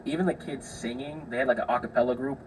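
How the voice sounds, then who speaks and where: A man's voice: mid-range voice, quick pace, distant mic, slight background noise, low-quality recording. A young man hosting a podcast, telling stories in a loose, chatty way, swearing freely and acting out the people he describes. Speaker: podcast host. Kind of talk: casual solo storytelling.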